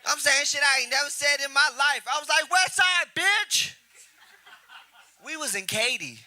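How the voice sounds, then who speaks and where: A man in his twenties doing a profane stand-up comedy set, telling stories and shouting out quoted lines. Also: extremely high pitch, a little fast, slight background noise. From Houston area. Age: 20s. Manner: brash, profane storytelling with loud acted-out quotes. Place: comedy club stage.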